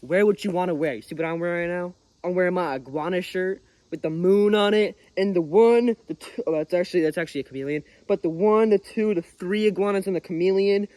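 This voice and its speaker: A man's voice: high voice, fast talker, few pauses, a little mellow, no room sound. Rambling young man vlogging in the woods. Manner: rambling, earnest pep talk with crude slang. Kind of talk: casual vlog chat on a walk. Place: outdoors in woods. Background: faint birds and insects.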